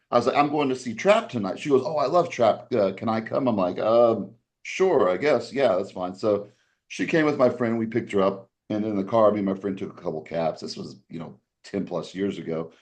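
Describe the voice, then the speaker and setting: Low-voiced guy on a podcast, rambling story, keeps restarting, does the voices of people he's quoting. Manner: animated, acts out quoted voices with raised pitch.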